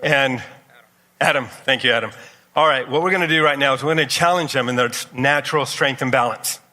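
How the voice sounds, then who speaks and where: Coaching volunteers through exercises, a male expo presenter delivers an energetic live demonstration. His mid-range voice is pushed and bright, and he talks a little fast. The sound comes from a distance in an echoey, large hall.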